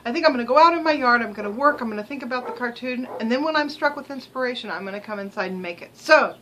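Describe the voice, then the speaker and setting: A woman's voice: on the high side, animated, fast, pushed and bright, slight background noise, rough recording. An older woman vlogging in a rambling, chatty way, with many ums and restarts, sometimes talking while she chews. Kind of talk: casual chat to camera.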